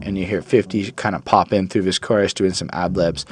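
A man giving a casual, rambling music review, swearing freely and filling pauses with ums and uhs. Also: fairly low pitch, steady tone, a little hiss or hum. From Jewish. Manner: rambling, profane, with frequent fillers and restarts. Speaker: album reviewer.

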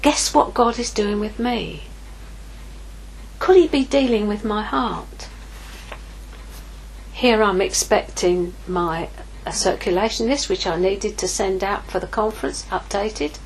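A woman's voice: medium pitch, measured pace, a little hiss or hum, rough recording. A middle-aged woman giving an informal sermon, telling a personal story candidly and acting out her own inner dialogue. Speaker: ministry leader preaching.

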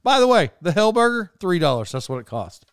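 A young man rattles through a personal story in a casual, rambling way, often breaking off mid-sentence for side notes. His voice sits a little high and sounds smooth and clear. The recording is close and dry. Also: fairly quick, no echo. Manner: animated, self-interrupting. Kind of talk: casual anecdote monologue.

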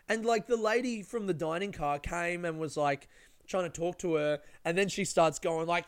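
Young man, slightly high and smooth, rambling storyteller who swears a lot. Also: brisk, a bit bright. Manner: rambling, lots of swearing and fillers. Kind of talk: casual storytelling.

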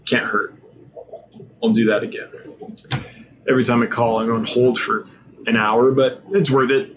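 A man's voice: mid-range voice, fairly even intonation, moderate pace, background noise. A tired man hosting a live stream, reading viewer usernames aloud and chatting casually, sometimes stumbling over words.

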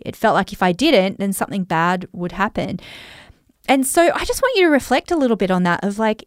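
A woman's voice: a little high, dry recording. Aussie woman talking money to her listeners, casual and chatty, lots of ums, dry sound. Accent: Australian. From Australia. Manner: chatty, reflective, lots of fillers. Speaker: money coach.

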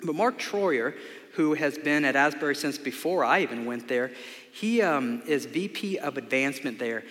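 Male pastor, slightly high voice, earnest conversational sermon, long reverb of a church hall. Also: a bit bright. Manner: conversational, earnest, with filler words. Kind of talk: sermon with storytelling and prayer. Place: church sanctuary.

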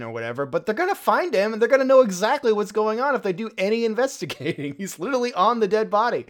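Podcast co-host, lively storyteller, voice swings up and down a lot. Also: male voice, sits high, fast, hardly any pauses. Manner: animated storyteller, acts out characters' lines, swears freely. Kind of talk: casual film review chat.

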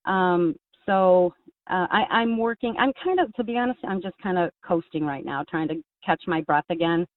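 A woman's voice: lowish voice, moderate pace, no echo. A woman calling in to a talk show, speaking earnestly and rambling with many restarts. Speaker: caller. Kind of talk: casual call-in chat. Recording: tinny phone line, dry.

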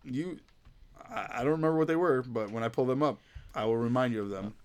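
A man's voice: mid-range voice, fast, darkish tone, clean tone. A man in his thirties chatting casually as a podcast co-host, rambling through stories with lots of "like" and "you know.". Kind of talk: casual chat.

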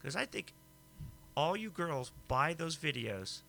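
Teasing gravelly-voiced man. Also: fairly high pitch, sing-song, slow pace, bright, forceful tone. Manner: teasing, dry, wisecracking. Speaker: podcast co-host. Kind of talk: casual chat.

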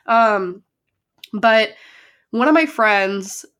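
A woman's voice: on the high side, expressive, very slow, fairly bright tone, clean tone. A young woman co-hosting a podcast, chatting casually and gushing, with lots of "like", sick with a sore throat. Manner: gushing, heavy use of "like". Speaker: podcast co-host. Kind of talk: casual chat.

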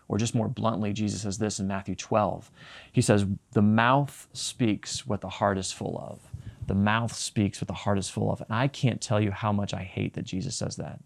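A man's voice: fairly low pitch, gravelly, darkish tone. A man preaching a sermon as pastor, reading scripture and explaining it earnestly, often repeating and restarting phrases. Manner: reads scripture aloud, then explains it.

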